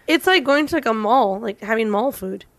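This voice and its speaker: A woman's voice: on the high side, lively intonation, normal speed, crowd noise. A woman co-hosting a podcast in casual chat, chatty and playful, rambling with lots of "like". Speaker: podcast co-host.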